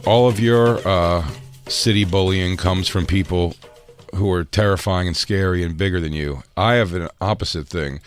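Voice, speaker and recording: Man, podcast co-host, very low voice, crude deadpan banter, faint music underneath. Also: normal speed. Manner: blunt, profane, deadpan.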